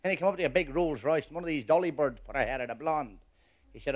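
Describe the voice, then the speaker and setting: A man telling long story jokes on stage in a stand-up comedy routine, building them up steadily and landing the twist in a deadpan way. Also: on the high side, fast, lo-fi sound, a little hiss or hum.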